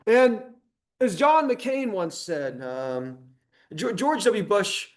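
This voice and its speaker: A man giving a public library history lecture, talking in a conversational, animated way with frequent ums. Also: high-pitched, takes it slowly.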